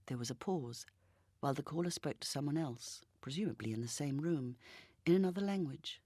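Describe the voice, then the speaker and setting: A woman's voice: low-pitched, no room sound, clean studio sound. Woman reading a novel aloud. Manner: even, measured storytelling. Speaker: reader. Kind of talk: scripted narration.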